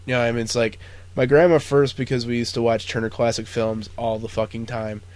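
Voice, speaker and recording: A man's voice: mid-range voice, level tone, fairly quick, a little mellow, no echo. A man co-hosting a podcast, chatting casually in a rambling, profane way with many fillers. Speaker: podcast co-host. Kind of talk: casual chat.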